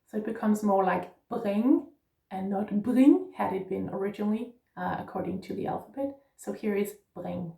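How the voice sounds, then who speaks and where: A woman's voice: medium pitch, moderate pace, gravelly, dark tone, roomy sound, far from the mic. A woman teaching Danish pronunciation, patiently spelling out letters and checking in with "yeah?". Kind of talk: pronunciation lesson.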